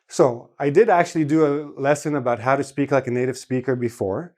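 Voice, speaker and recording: A Canadian man teaching an English lesson, speaking slowly and enunciating each syllable with care. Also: medium pitch, darkish tone. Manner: slow, carefully enunciated, stresses each syllable. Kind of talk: scripted lesson to camera.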